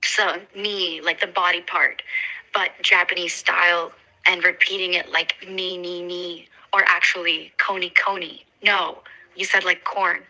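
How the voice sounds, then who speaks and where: Synthetic female assistant, low-pitched and very bright, polite and eager, always checking back. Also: level tone, a little slow, low-quality recording. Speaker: AI voice assistant on a call. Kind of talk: conversational assistant replies.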